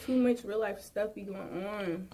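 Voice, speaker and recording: A woman's voice: medium pitch, measured pace, mellow. Upset woman venting on a livestream. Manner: upset, irritated, venting to viewers. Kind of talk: livestream talk to chat. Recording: distant sound from a played-back livestream.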